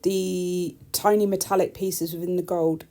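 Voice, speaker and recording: A woman's voice: fairly low pitch, flat delivery, unhurried, mellow. A woman, a nail technician, chatting casually over her tutorial with wry, self-deprecating asides.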